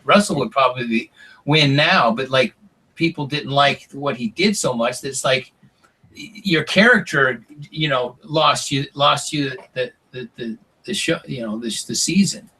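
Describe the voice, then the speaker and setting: This man speaks a little slowly in a bright, forceful, slightly rough mid-range voice, captured on a low-quality recording. He's an interview guest and former reality show contestant who rambles through lengthy stories in casual conversation, peppered with "like" and "you know."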